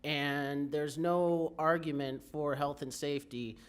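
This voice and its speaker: A young man speaks at a zoning hearing in a brisk, argumentative way. He piles up rhetorical questions to press his point. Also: a little high, steady tone, clear, resonant tone. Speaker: public commenter. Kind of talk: public comment at a county zoning hearing.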